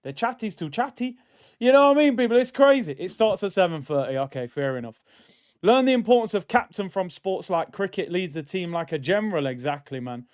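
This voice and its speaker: Before a football match, a young man banters with his live-stream chat, animated and exasperated. His voice is high and smooth, he speaks fairly quickly, and the recording sounds muffled.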